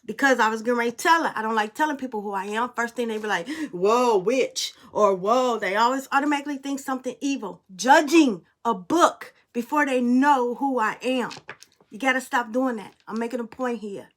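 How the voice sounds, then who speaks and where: High-voiced woman, blunt casual tarot reader. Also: fairly quick. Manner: blunt, emphatic, swears freely. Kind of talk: casual spiritual storytelling and tarot reading.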